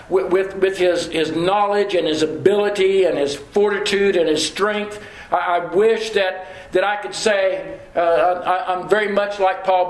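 A man preaching a sermon with deliberate, repetitive emphasis. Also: sits high, roomy sound, poor audio.

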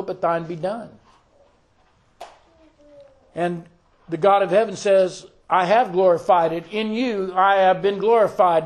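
Male preacher with a high voice, slow and deliberate, reciting scripture in a sermon. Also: a little mellow.

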